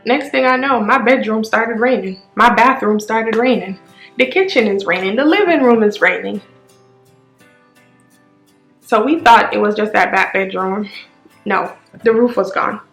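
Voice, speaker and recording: A woman's voice: a little high, measured pace, pauses often, a bit bright. Casting: woman vlogger, raw and emotional storytelling, echoey room, faint music under her. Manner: raw, tearful retelling with sudden rises.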